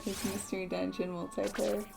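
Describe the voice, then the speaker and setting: A woman's voice: mid-range voice, level tone, normal speed, vocal fry, over music. Teasing woman in casual banter. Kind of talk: casual chat while gaming.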